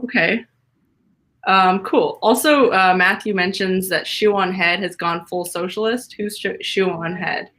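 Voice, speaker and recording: A woman hosting a casual livestream interview, relaxed, reading out viewer questions with plenty of ums. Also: mid-range voice, measured pace. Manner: relaxed, reads viewer questions aloud with fillers. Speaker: livestream host.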